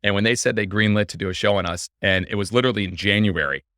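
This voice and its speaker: Guy on a podcast, talks super fast and punchy, bright voice, dry close mic. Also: lowish voice, dry recording. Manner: energetic, eager storytelling. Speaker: podcast guest, baseball team owner. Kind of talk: casual interview chat.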